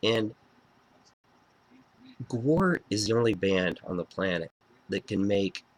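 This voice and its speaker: A man reviewing a favorite album in a casual video, excitable and profane, gushing as a fan. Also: lowish voice, slow pace, dry recording.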